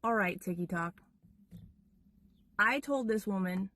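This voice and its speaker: A young woman speaks bluntly and sounds exasperated as she rants to camera. Her voice is mid-pitched and the recording is dry and close, with no room sound. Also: moderate pace, pauses often, a little mellow, dry recording. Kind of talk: casual rant to camera.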